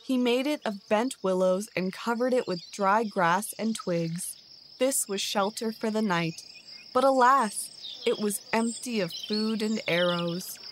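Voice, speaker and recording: Calm woman narrator for a sleep story, very unhurried, faint hiss under the voice. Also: medium pitch. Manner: slow, soothing storytelling.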